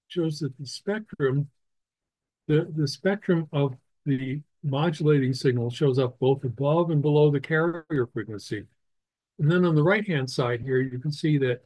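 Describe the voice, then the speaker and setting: A man teaching a ham radio licensing class over slides, explaining slowly with many restarts and fillers. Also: fairly high pitch, dark tone, no echo, low-quality recording. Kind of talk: technical lecture over slides.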